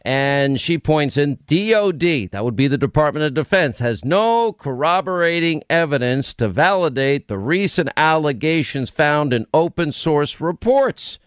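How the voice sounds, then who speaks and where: A man's voice: on the high side, lively intonation, a little slow, hardly any pauses, clear, resonant tone, dry recording, studio quality. Punchy male talk show host. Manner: combative, punchy. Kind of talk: opinionated commentary.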